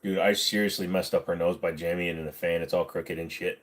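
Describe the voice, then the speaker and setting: A man with a fairly low voice hosts a casual livestream. He reads viewer comments aloud and answers them bluntly and sarcastically, swearing freely as he goes. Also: steady tone, fast, hardly any pauses. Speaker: livestream host.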